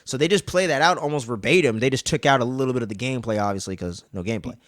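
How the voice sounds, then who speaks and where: A man's voice: medium pitch, rapid-fire, dry recording, clean studio sound. Casual, profane man co-hosting a recap. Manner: loose and profane, acts out characters' lines when retelling scenes. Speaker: podcast co-host.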